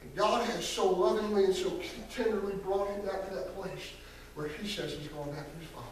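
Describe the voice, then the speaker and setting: A man, an associate pastor, preaching a folksy sermon and calling on church members by name, swinging from shouts to near whispers. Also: sits high, a little fast, a little hiss or hum. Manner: folksy storytelling, calls on congregation members by name; rises to shouting peaks, then drops very soft. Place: church sanctuary. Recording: echoey church hall, voice from far off.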